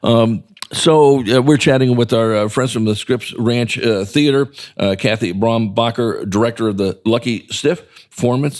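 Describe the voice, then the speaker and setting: A man's voice: fairly low pitch, a little mellow. A man hosting a casual interview chat, chatty and encouraging, with lots of ums and uhs. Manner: chatty, filler-heavy, encouraging. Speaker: podcast host.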